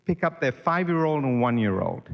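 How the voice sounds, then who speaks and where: Animated middle-aged male storyteller from Sri Lanka. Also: medium pitch, normal speed, creaky, in a large hall. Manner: animated storyteller who acts out voices. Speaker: guest. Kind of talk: storytelling in a podcast interview.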